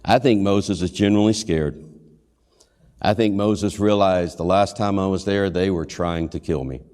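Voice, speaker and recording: A low-voiced man preaches a sermon, speaking earnestly and putting questions to his listeners. He briefly acts out the lines he quotes. His voice carries a long reverb from the church sanctuary. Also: normal speed, a little mellow. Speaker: pastor and hospital chaplain.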